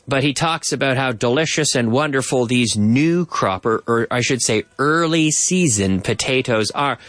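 A man's voice: a little high, fairly bright tone, no room sound. A man hosting a radio show in a studio, chatting and explaining clips, slipping in Spanish translations. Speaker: radio host. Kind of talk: bilingual radio show chat.

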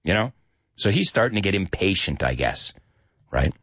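A man teaching English with movie scenes, acting out lines in a lively voice and adding short glosses. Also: moderate pace, slightly rough, no echo, clean studio sound. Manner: lively, acts out quoted lines in higher pitch, mixes in Spanish glosses.

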